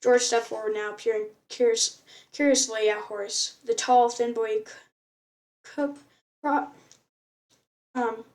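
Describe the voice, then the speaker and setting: A woman's voice: fairly high pitch, steady tone, takes it slowly, long pauses, a little mellow, recorded from a distance. A woman reading a novel aloud in an unpolished way, often stumbling and restarting words. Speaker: reader.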